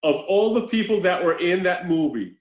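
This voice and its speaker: A man's voice: sits high, animated, moderate pace. A man chatting casually about a movie on a podcast, laughing often as he retells scenes. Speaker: podcast co-host. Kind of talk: casual movie-review chat. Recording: roomy echo.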